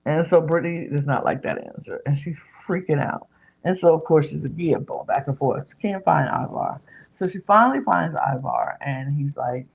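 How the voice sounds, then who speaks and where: Woman podcast host doing a chatty recap, husky voice with some fry, dull lo-fi audio. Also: low-pitched, normal speed. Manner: animated retelling, acting out others' lines. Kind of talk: casual recap chat.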